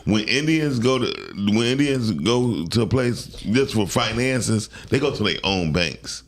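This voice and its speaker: A man's voice: fairly low pitch, lively intonation, unhurried. A man co-hosting a talk show, arguing his points emphatically in casual chat and swearing freely. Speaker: co-host.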